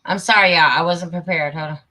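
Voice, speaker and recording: Woman, livestream host, casual chat, slightly low pitch, flustered, talkative. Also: fairly even intonation, brisk, sharp tone. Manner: chatty, flustered while fiddling with settings.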